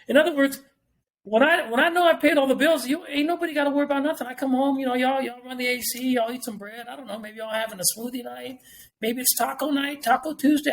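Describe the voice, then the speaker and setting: Middle-aged male podcast guest, very high voice, rapid-fire blunt delivery full of cursing and repetition. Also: gravelly. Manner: blunt and profane, repeats points for emphasis. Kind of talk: casual podcast talk.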